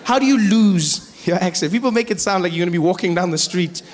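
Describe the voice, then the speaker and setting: A man with a South African accent doing stand-up comedy, telling stories with animated delivery. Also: high voice, a little hiss or hum. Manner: animated storytelling, quick shifts in voice.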